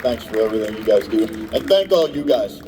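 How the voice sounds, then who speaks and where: Speaking in a lowish, sing-song voice at a brisk clip, this man presents an award with an unscripted speech that is emotional, meandering and full of self-interruptions. The large hall echoes around a distant microphone, and background noise is audible.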